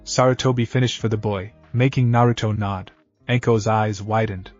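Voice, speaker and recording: Guy reading a story in an even voice, kinda muffled, soft music underneath. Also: fairly low pitch, normal speed. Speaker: narrator. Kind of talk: scripted fan-fiction narration.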